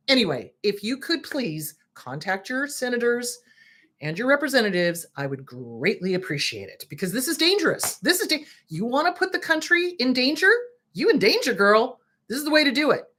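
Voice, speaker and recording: A woman's voice: on the high side, sing-song, normal speed, sharp tone. A woman therapist hosting a talk show, speaking bluntly and with indignation, swearing freely as she comments. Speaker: host, therapist. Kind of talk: direct-to-camera commentary.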